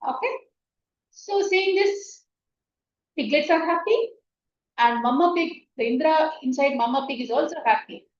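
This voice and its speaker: With a high-pitched, animated voice, this woman speaks as a meditation teacher sharing a spiritual story, taking her time and often asking "right?". The track is dull and lo-fi, distant and echoey, carrying a little hiss or hum.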